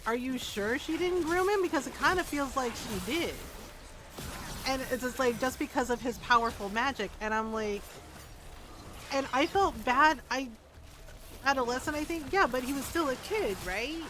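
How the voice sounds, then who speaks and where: In casual gameplay chat, a woman with a high voice talks at a moderate pace while streaming. Her commentary is loose and profane; she's animated, laughs a lot, and breaks into character voices.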